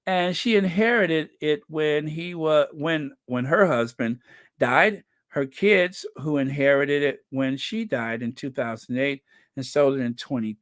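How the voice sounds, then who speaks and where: A man hosting a casual livestream, reading viewer comments aloud slowly and chuckling between them. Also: on the high side, dry recording, studio quality. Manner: slow and chatty, reads comments aloud with frequent "let me see" and chuckles. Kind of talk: casual live-chat commentary.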